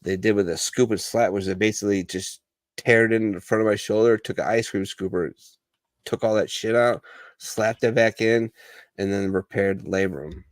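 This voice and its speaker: Man, veteran co-host, low-pitched, dry close sound, profane, blunt storyteller, casual chat. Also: steady tone, normal speed, no room sound. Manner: profane, blunt storyteller who acts out others' lines. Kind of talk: casual bar-style chat.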